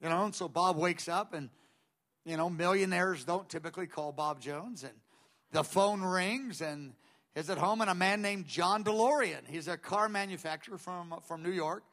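An older man with a noticeably high voice delivers a teaching sermon in a relaxed, conversational way. He drifts into anecdotes and acts out the people he quotes. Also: moderate pace. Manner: digressive, storytelling, quoting others aloud. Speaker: preacher.

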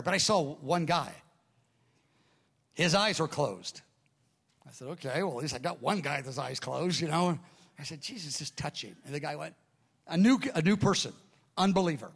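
A man preaching as a pastor, telling a story and acting out the voices of the people in it, his volume swinging from hushed to loud. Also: on the high side, creaky. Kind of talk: sermon storytelling.

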